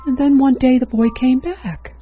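A woman reading a storybook aloud in a gentle storytelling manner. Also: high-pitched, normal speed, highs cut off, faint music behind.

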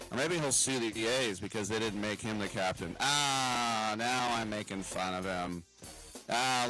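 A male sports radio host who talks in a loose, rambling way and is quick with wry jokes. His voice sits a bit low for a man. A faint bed of music runs under him in the studio. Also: fairly bright tone, poor audio. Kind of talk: casual radio talk. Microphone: studio microphone.

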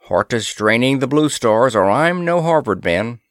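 A confident navigator drops casual, knowing remarks at an unhurried pace, as a male reader puts him on. His pitch moves around a lot. It is heard in a close, dry storybook reading. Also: lively intonation, no room sound, lightly acted. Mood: wry.

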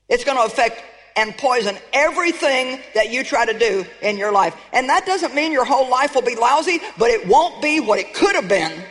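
A woman's voice: sits high, a bit bright. A woman preacher giving an emphatic sermon, calling out to her audience with rhetorical questions. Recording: long reverb of a large hall.

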